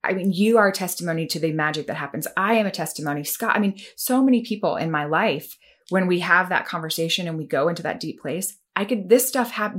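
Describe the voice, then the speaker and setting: A woman hosting a conversation, speaking with enthusiasm and strong emphasis, often restarting her sentences. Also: on the low side. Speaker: host. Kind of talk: casual podcast chat.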